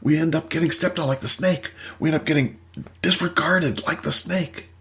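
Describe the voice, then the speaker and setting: A man, a therapist and host, telling a story and explaining ideas in an emphatic, animated way. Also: on the high side, moderate pace. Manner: animated, emphatic, acts out voices. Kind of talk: storytelling and teaching talk.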